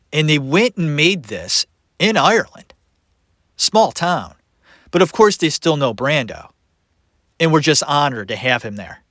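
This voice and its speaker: A man hosting a solo podcast, talking about actors in an animated, sarcastic way with frequent laughter. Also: on the high side, no echo, clean studio sound. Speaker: podcast host.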